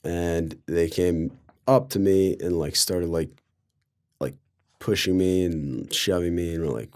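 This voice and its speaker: With a low voice, a darkish tone, and a slightly slow pace, this young Coloradan guest spins a casual story on a podcast, loose and sarcastic and leaning constantly on the word "like."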